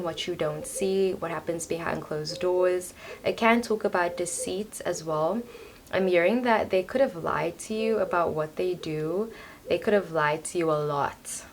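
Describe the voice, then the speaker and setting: A woman's voice: lowish voice, slight background noise. A young woman giving a casual tarot reading to a camera on a tripod, talking in a loose, chatty way full of "like" and "you know". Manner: chatty, filler-heavy, lots of "like" and "you know". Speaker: tarot reader.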